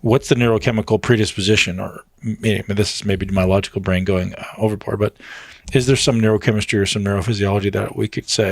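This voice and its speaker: A man's voice: on the low side, steady tone, quick pace, creaky, no room sound. A man in a casual podcast conversation, talking emphatically, swearing freely and acting out what people say to themselves. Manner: emphatic, swears freely, acts out inner voices. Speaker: fitness coach being interviewed.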